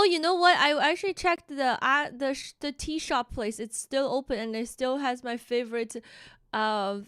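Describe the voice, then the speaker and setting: High-voiced slow-talking woman streamer. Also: fairly bright tone, dry recording, clean studio sound. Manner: chatty, greets viewers by name, drawn-out hellos. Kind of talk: casual live-stream chat.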